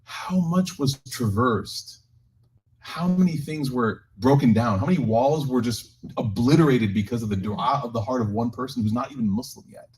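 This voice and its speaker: A man's voice: mid-range voice, low-quality recording. A man, an imam, telling a joking story to a live community group and then leading a closing prayer. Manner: animated, joking storyteller who shifts into slow closing prayer. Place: community gathering room with listeners.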